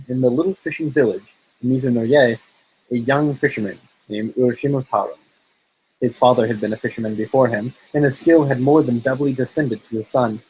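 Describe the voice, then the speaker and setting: A man reading fairy tales aloud in a relaxed, informal way, sometimes stumbling over words and joking between lines. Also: medium pitch, low-quality recording. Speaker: storybook reader.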